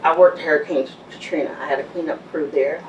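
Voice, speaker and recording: A woman's voice: sits low, fairly even intonation, a little fast, highs cut off. A middle-aged woman from Texas, a business owner and interview guest, telling her story bluntly and acting out the other people's lines. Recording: roomy, distant mic with faint background hiss.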